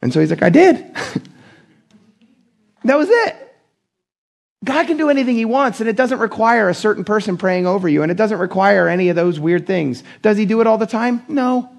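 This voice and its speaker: Gravelly-voiced animated male preacher. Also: high voice, fast, hardly any pauses. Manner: conversational and animated, acting out quoted voices. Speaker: pastor. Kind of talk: sermon.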